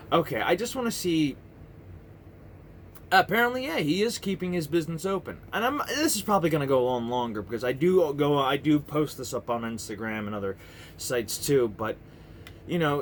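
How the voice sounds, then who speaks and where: A man's voice: mid-range voice, slight background noise. A man in his thirties ranting to camera in a heated, profane, rambling monologue full of restarts. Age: 30s. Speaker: vlogger. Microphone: camera mic.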